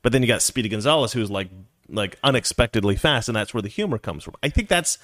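A man's voice: mid-range voice, expressive, fast, fairly bright tone. A man telling a long personal story in a casual, rambling way, with frequent restarts and asides.

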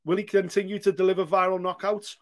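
British male podcast co-host, higher voice, lively and sweary banter. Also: fast. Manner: animated, swears freely, acts out quotes. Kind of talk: casual podcast chat.

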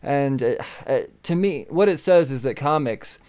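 A man hosting a casual conversation, speaking haltingly with many restarts and fillers. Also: medium pitch, lively intonation, darkish tone, smooth.

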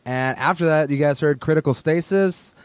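A man's voice: on the high side, moderate pace, smooth, no echo. A man in a casual radio interview, explaining his band's music at length with many ums and restarts. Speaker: band member.

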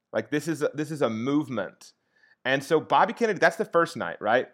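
A man in a relaxed conversation, recounting an episode with lively, animated storytelling. His pitch sits in an ordinary middle range, and he keeps checking in with his listener as he goes. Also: fairly quick. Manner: animated retelling with frequent "like" and "okay?" check-ins. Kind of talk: casual storytelling chat.

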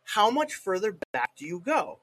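Bright-voiced man hosting a chat. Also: sits high, very animated, normal speed, breathy edge, no echo. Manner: laughs often, loose and joking. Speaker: podcast host. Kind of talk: casual chat.

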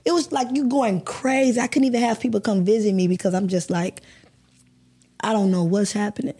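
A woman's voice: medium pitch, fairly even intonation, brisk, mellow, slightly rough. A woman guest on a podcast, telling a personal story candidly and emotionally, with some swearing. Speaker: guest actor.

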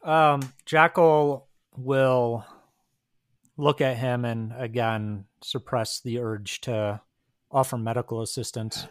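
A man's voice: medium pitch, steady tone, slow pace, smooth, no echo. Man playing a tabletop game, dry sound. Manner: cheerful, narrates his character's actions. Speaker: player. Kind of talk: casual tabletop game chat.

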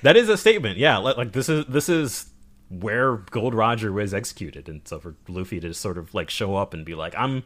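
A man's voice: fairly low pitch, fairly quick. A man co-hosting a podcast, chatting casually about a comic, laughing and saying "like" a lot. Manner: lively, laughing, lots of filler likes. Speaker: podcast co-host.

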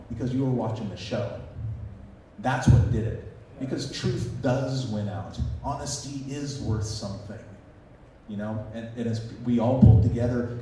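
In a warm, mid-range voice, a man delivers a storytelling talk at a conference, bringing quoted voices to life with animation. The sound is distant and echoey from the hall, with a little hiss or hum.

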